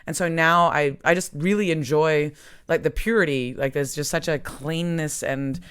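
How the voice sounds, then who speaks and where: A woman's voice: deep voice, steady tone, normal speed, fairly bright tone, clean tone. A woman co-hosting a comedy podcast, talking in a playful, chatty way full of fillers. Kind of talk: casual chat.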